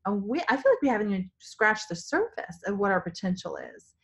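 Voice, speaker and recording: Hoarse woman, mid-pitch, leads a sales team, restarts a lot, eager and motivational, spoken off the cuff at home. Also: big pitch swings, brisk, fairly bright tone. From Virginia, US. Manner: enthusiastic, rambling, full of restarts. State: hoarse, voice partly lost. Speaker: direct-sales team leader. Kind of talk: spontaneous motivational vlog. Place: indoors in a family home.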